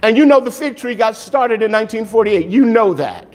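In an animated sermon, a pastor asks rhetorical questions, supplies the answers, and fills the gaps between points with jokes and laughter. He speaks a little fast in a high voice.

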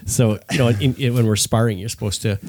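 Quick chatty guy cohosting a podcast, trips over his words a lot, friendly agreeing vibe. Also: fairly low pitch, fairly even intonation, darkish tone, a little hiss or hum. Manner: quick, chatty, stumbling restarts, easy agreement. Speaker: podcast co-host. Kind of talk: casual podcast chat.

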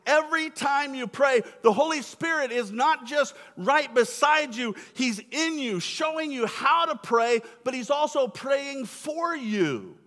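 A man's voice: very high voice, expressive, a little slow, hardly any pauses, a bit bright. A young man preaching a sermon as pastor, enthusiastic and casual with slangy asides. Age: young adult. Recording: echoey hall.

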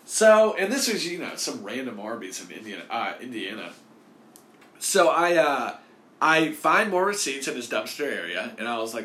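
A man in the middle of a casual personal story, rambling along with plenty of "like" and "you know". His pitch swings widely and keeps the telling lively, sitting around a normal male middle register. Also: moderate pace.

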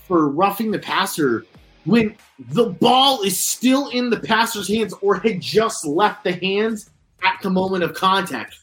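A man's voice: high voice, fairly bright tone, low-quality recording. A young man co-hosting a sports podcast, ranting heatedly with lots of cursing and stumbling restarts. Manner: heated, profane, rambling with restarts. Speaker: podcast co-host. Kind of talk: casual sports rant.

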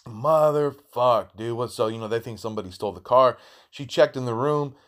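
A man's voice: mid-range voice, fairly quick. A man hosting his own podcast and telling stories in a casual, rambling way, full of swearing and slang. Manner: profane, rambling, slangy, with many restarts. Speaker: podcast host. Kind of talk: casual storytelling monologue.

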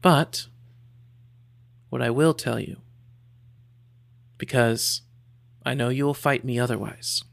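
A man voicing a menacing hooded male villain who drawls slow, half-whispered threats in a gravelly voice. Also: mid-range voice, steady tone, no room sound.

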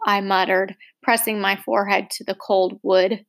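A woman narrating a first-person novel aloud, expressive and acting out the dialogue. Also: mid-range voice, normal speed, creaky. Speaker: audiobook narrator.

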